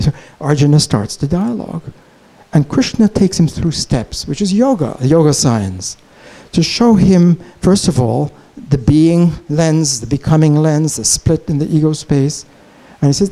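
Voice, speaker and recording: A man giving a conference keynote lecture, telling a story in an animated, digressive way. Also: on the high side, normal speed, rough recording. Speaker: keynote speaker. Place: conference hall, Chicago.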